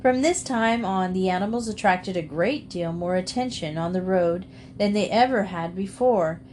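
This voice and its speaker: A woman reading a children's storybook aloud in a calm, measured way. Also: medium pitch, slight background noise. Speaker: storybook reader.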